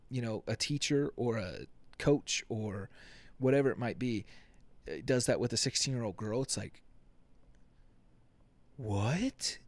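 A man's voice: medium pitch, a little mellow, no echo. Man, young adult, solo podcast host, profane, jokey, rambling, dead-dry recording. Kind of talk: casual solo podcast rant.

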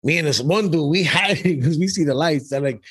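A man's voice: fairly high pitch, a little fast, breathy edge, no room sound. Profane New guy spinning wild stories. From Brooklyn, New York. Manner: profane, animated storyteller who laughs often. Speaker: podcast co-host. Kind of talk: casual storytelling chat. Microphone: podcast microphone.

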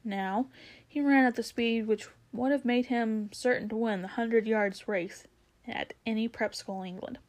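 A woman narrating a children's novel aloud in a steady storytelling way, with the odd stumble and restart. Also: on the high side, unhurried.

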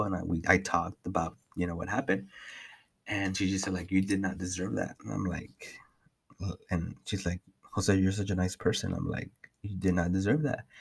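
A man's voice: sits low, fairly even intonation, moderate pace, vocal fry, husky. A young man casually talking through a solo podcast update, rambling with heavy swearing and many restarts. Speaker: podcast host.

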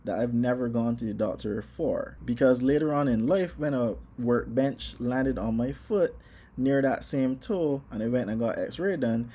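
A man casually telling a personal story, animated, acting out his own exclamations. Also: medium pitch, a little slow, slightly rough.

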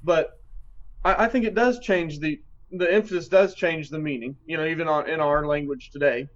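A man's voice: fairly high pitch, moderate pace. A man on a Bible study panel answering thoughtfully and often restarting his phrases. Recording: slightly dull, lo-fi audio.

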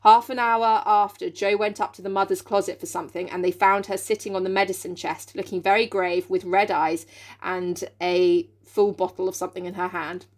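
A woman's voice: medium pitch, fairly even intonation, moderate pace. Woman reading aloud and joking. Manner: reads aloud, then jokes and laughs often. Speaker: podcast co-host reading and discussing a novel. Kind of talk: casual book-club chat with read-aloud passages.

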